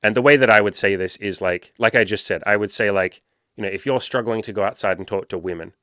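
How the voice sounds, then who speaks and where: A young man with a fairly low voice riffs casually through an article, swearing freely and hammering his points. The recording is close and dry, with no room sound. He keeps switching into little acted-out pep talks. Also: quick pace, bright, forceful tone, dry recording. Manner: emphatic, profane, puts on voices when quoting himself. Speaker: podcast host and dating coach. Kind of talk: casual podcast commentary reading an article.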